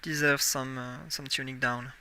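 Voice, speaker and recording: A man's voice: mid-range voice, level tone, normal speed, sharp tone, clear, resonant tone. A young man in his twenties with a French accent, a native French speaker chatting casually on a live game stream, musing aloud and correcting himself as he plays. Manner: musing aloud while playing, self-correcting.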